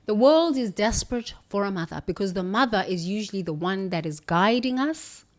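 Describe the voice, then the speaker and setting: Woman, British accent, spiritual motivational monologue, emphatic, preachy, swinging pitch and volume. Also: expressive, brisk. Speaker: motivational speaker.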